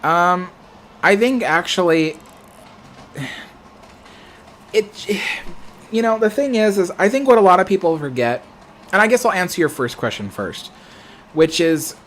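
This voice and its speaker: A man's voice: sits high, big pitch swings, a little slow, pauses often, fairly bright tone, slight background noise. An American man hosting a livestream, chatting casually and answering viewer comments in a rambling, self-correcting way. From United States. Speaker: livestream host.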